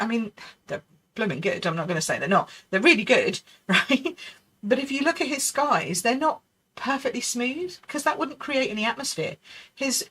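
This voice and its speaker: A woman's voice: mid-range voice, fairly bright tone. A middle-aged woman hosting a live card-making lesson, chatty and reassuring, laughing often and talking to herself as she works. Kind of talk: live crafting demonstration.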